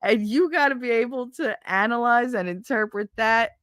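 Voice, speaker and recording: A woman with a New Jersey accent hosting a casual livestream, chatting and reading viewer comments in a chatty, profane, animated way. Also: fairly high pitch, normal speed, dry recording, studio quality. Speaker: livestream host. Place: at home, smoking.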